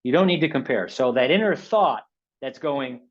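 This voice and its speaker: A man gives a motivational webinar talk at an everyday pitch, chatty and direct, often checking in with his listeners. He acts out inner voices by raising his tone. The audio is slightly dull and lo-fi, as over a video call. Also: lively intonation, normal speed. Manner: conversational, keeps checking in with "okay?" and "right?". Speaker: webinar presenter.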